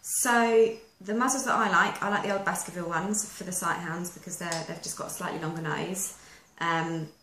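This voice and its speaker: A woman's voice: fairly low pitch, steady tone, normal speed, few pauses, a bit bright. A woman, a dog trainer giving practical step-by-step instructions in a chatty manner. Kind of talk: instructional how-to video. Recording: echoey room with faint noise.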